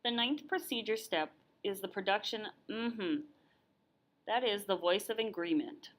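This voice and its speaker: A young woman reading therapy procedure steps aloud in an even, read-aloud manner. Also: mid-range voice, measured pace. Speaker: student playing a therapy client and narrating steps. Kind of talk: scripted lesson narration.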